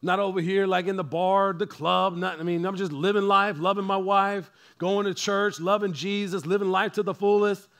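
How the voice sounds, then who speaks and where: A man preaching a sermon as pastor, talking casually and building from quiet storytelling to loud, fervent preaching. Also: high voice, steady tone, moderate pace, few pauses. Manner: talks in a casual, slangy way.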